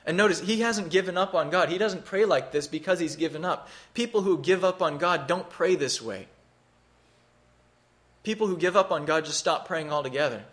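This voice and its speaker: A man's voice: fairly high pitch, normal speed, a bit bright. Earnest man preaching a sermon. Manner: earnest expository teaching, rising emphasis.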